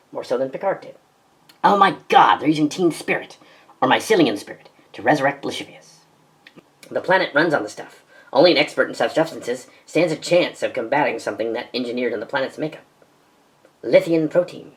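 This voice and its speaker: Low-voiced woman performing a sci-fi fan drama. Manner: quick-switching, sarcastic, melodramatic. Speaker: narrator and voice actor. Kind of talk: fan audio drama, reading many parts.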